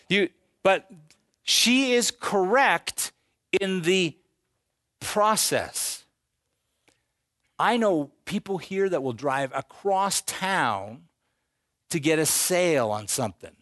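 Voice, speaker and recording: A man giving a live presentation on real estate investing to an audience, animated and joking, sometimes slipping into voices for the people he quotes. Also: on the high side, slow, pauses often, no room sound, clean studio sound.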